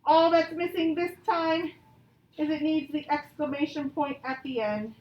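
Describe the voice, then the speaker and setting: High-voiced woman teacher, patient. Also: steady tone, highs cut off. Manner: patient, encouraging, reads example sentences slowly. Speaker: elementary school teacher. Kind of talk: classroom grammar lesson. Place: classroom, also streamed to pupils at home. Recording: echoey classroom from far off.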